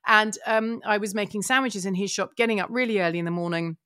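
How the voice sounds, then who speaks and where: A middle-aged woman from England, a podcast guest telling her career story in a lively, earnest way with many restarts. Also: medium pitch, quick pace, dry recording, clean studio sound. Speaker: guest, broadcaster and child therapist. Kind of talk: personal storytelling in a podcast conversation.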